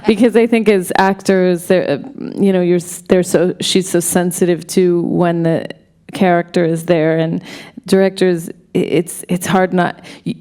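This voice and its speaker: Woman director at a festival Q&A, a touch low-pitched, restless and self-correcting, gushing as she talks. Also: clean tone. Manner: halting, full of restarts and self-corrections; excited, tumbling storytelling. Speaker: film director, guest at a Q&A. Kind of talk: live panel Q&A conversation. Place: stage at a film festival event.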